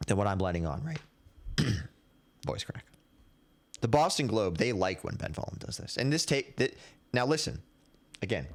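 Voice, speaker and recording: A young man rants on his podcast about sports coverage, swearing freely and thinking out loud as he goes. His pitch swings up and down with every point, and he sits at an ordinary middle pitch for a man. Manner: profane, rambling, animated, thinking out loud. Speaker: podcast host. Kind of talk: casual sports rant.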